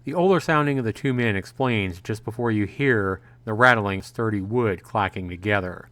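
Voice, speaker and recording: Low-voiced man reading a visual novel. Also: moderate pace, a bit bright, no room sound. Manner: hesitant reading with frequent "uh" fillers and self-corrections. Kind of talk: let's-play narration.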